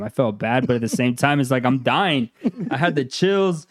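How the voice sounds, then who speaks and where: A man's voice: medium pitch, brisk. A man telling a funny story in casual chat, laid-back and swearing, laughing between lines.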